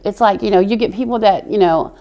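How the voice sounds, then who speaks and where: A middle-aged woman from Oklahoma with a Southern accent answers interview questions as a veteran, telling stories in a chatty way. Her mid-range voice is fast and mellow, with the highs cut off.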